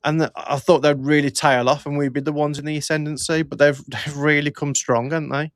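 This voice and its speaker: Smooth-voiced man on a phone-in. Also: fairly high pitch, level tone, brisk, dry recording, studio quality. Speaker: phone-in co-host. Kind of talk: casual football phone-in chat.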